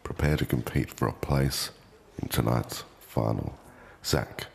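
A man giving formal scripted announcements in a measured, commanding way, setting out instructions to contestants. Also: extremely low pitch, gravelly, breathy edge. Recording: long reverb on the voice.

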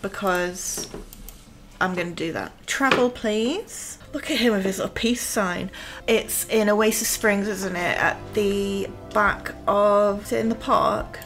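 Woman, unhurried let's-play chatter, teasing, soft music behind. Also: medium pitch. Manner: chatty, teasing her characters. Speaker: gaming YouTuber. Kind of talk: casual let's-play commentary.

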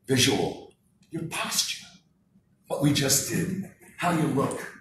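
A man leading a live public speaking workshop, very animated and moving from soft talk to shouting. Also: mid-range voice, slow pace, a little hiss or hum. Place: workshop room with an audience. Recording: roomy sound from a distance, faint ambience.

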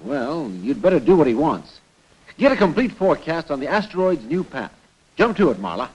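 An actor voicing a gruff, commanding male colonel who heads a space organization in a 1960s cartoon, giving brusque orders. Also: fairly high pitch, sing-song, normal speed, darkish tone, rough recording.

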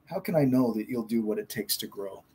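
A man voicing a huge, kind old male giant who speaks slowly and gently. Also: fairly low pitch, lively intonation, a little hiss or hum, close to an everyday voice. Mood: cautious.

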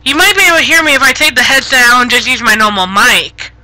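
A woman streaming live on a headset, chatting casually with viewers, giggly and easily flustered, gently scolding chat when it gets rude. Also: fairly high pitch, animated, quick pace, dry recording, rough recording. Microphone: gaming headset.

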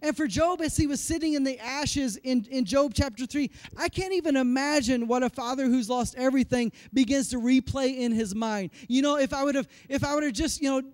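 A pastor in his forties preaches with a personal, self-mocking story, animated and brisk with hardly any pauses. His voice sits very high for a man, and the recording is dry and close, with almost no echo.

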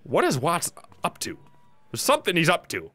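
A man giving casual let's play commentary, animated and reading game lines aloud at a desk mic. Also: fairly high pitch, normal speed, faint music behind.

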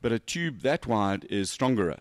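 A man's voice: on the low side, very animated, moderate pace, dry recording. A man hosting a motorsport show, chatting casually and joking as he gushes over a race car's details. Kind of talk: casual walkaround chat.

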